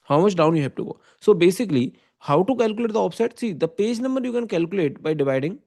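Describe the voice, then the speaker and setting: Indian-accented male lecturer, a bit higher pitch, mellow tone, patient step-by-step explainer. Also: expressive, fast, vocal fry. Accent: Indian English. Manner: explains step by step, often checking with "okay?" and "right?". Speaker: computer science teacher. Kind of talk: online lecture.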